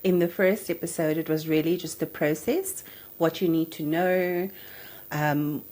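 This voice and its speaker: A woman in her thirties hosts a podcast, telling a personal story with animated, emotional energy. Her voice sits a little lower than most women's. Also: unhurried. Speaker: podcast host.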